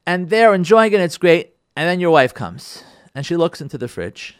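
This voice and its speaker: A man's voice: on the high side, a little fast, no room sound. A man, a rabbi, giving a recorded class on marriage, speaking into a studio microphone and acting out what spouses say to each other. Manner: animated, acts out spouses' lines.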